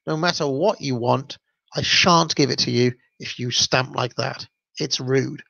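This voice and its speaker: A man's voice: mid-range voice, unhurried, vocal fry, pushed and bright, no room sound, dull audio, heavily acted. A man voicing a cross, stern mother scolding her child in a storybook reading, with a plain read-aloud delivery.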